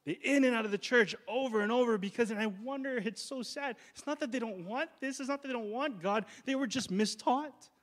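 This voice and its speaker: Male pastor, conversational sermon, drags out key words for punch. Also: very high voice. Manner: conversational preaching, slows down for emphasis.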